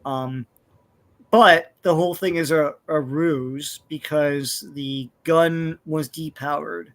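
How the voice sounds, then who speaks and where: A man co-hosting a casual comic book chat, relaxed and rambling with many fillers. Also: on the high side, slow pace. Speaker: podcast co-host.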